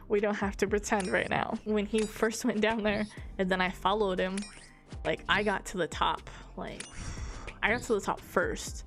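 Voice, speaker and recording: A woman streamer casually telling a funny gaming story, giggling often, swearing, and quoting a friend's lines. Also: mid-range voice. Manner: giggly, swearing, animated retelling with quoted dialogue.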